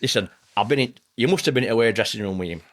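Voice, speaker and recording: A man's voice: on the low side, very fast. A man with a Yorkshire accent hosting a podcast, chatty and jokey in a blokey way. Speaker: podcast host. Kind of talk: casual interview chat.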